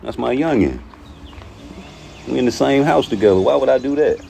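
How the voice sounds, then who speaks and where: A man's voice: medium pitch, animated, normal speed, gravelly, warm tone, slight background noise. A man hosting a livestream, ranting at his chat about boxing in a profane, heated way, arguing with viewers. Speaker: boxing commentary streamer.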